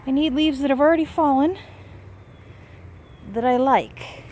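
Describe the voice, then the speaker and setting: A woman talks casually to her viewers in a hobby vlog. She is chatty and self-deprecating. Her voice sits a little high. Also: measured pace, a little mellow, slight background noise. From United States. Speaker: cross-stitch vlogger.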